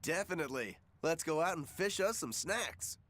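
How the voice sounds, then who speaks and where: Guy doing a chill cheerful swordsman, bouncy pitch, game dub. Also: animated, moderate pace, background noise, natural voice. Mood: casual. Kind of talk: game voice acting.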